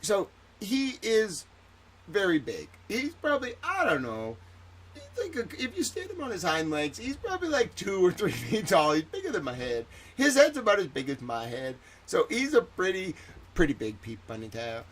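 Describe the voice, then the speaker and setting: A man hosting a livestream in a rambling, jokey way, swinging between loud bursts and soft asides. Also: high voice, huge pitch swings, normal speed, slightly rough. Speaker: livestream host. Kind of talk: casual livestream chat.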